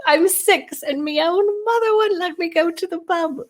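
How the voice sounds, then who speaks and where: A woman's voice: very high-pitched, moderate pace, pitched above the performer's own voice. A woman voicing a sassy six-year-old Irish girl in a put-on Irish accent, pleading indignantly.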